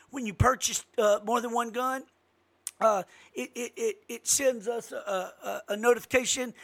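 A man giving an impassioned political monologue as host, emphatic and given to sudden loud outbursts. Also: very high-pitched, normal speed, creaky.

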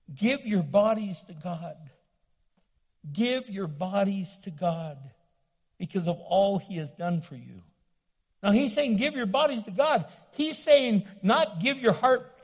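A man preaching a sermon as pastor, loud and animated, joking and acting out little scenes. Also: high voice, slightly rough, long reverb tail. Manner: loud, animated, playful with acted asides. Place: church sanctuary.

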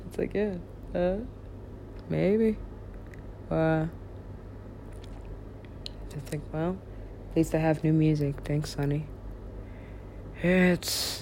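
A woman's voice: lowish voice, steady tone, normal speed, a little mellow, slight background noise. A woman recording herself in a rambling solo monologue, talking to herself and swearing casually. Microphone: self-recorded.

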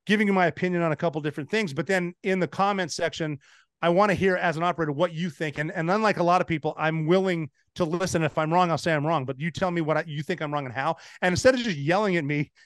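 A man in his forties from the United States, chatting as a podcast guest. He tells stories with energy, restarts his sentences often, and speaks a little higher than most men. The sound is close and dry, with no room echo. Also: fast. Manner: animated anecdotes with frequent restarts and laughs. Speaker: podcast guest, former Navy SEAL. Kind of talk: casual storytelling chat.

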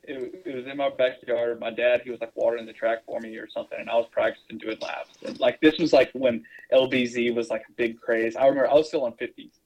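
An easygoing man chatting on a podcast in a middle-pitched voice. He rambles through his stories with lots of fillers and restarts, and he keeps the tone casual. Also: fairly even intonation, quick pace, few pauses, darkish tone, muffled recording. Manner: rambling, filler-heavy storytelling. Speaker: podcast co-host.

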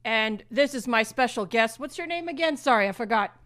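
A woman's voice: a little high, expressive, fairly quick, a bit bright. A woman doing a rambling, bragging male show host. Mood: rambling bluster. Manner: rambling, repetitive, mock sponsor plugs. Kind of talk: comedic impression sketch.

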